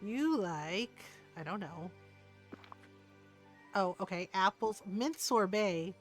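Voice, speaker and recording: A woman chatting casually as she streams a cozy game, her pitch sitting in an ordinary middle range. She rambles and trails off into ums as she talks, with soft music playing faintly underneath. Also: expressive, takes it slowly, pauses often. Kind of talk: casual chat while playing.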